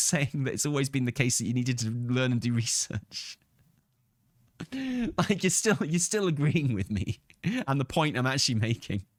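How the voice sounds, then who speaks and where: Sweary, animated man arguing with chat. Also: a little high, no room sound, clean studio sound. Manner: blunt, sweary, argumentative, laughs often. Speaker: streamer and channel host. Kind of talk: casual commentary replying to chat.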